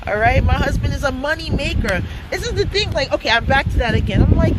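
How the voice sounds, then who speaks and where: A woman's voice: high voice, expressive, fast, hardly any pauses, heavy background noise. A woman telling a story in a casual vlog, chatty and slangy, laughing often. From United States. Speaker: vlogger.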